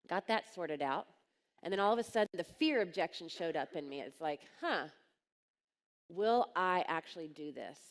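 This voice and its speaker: In a large conference hall, a woman with a medium-pitched voice gives a live talk about coaching, her words trailing into a long reverb. She speaks on coaching businesses, telling blunt, direct stories and performing the voices of those she quotes.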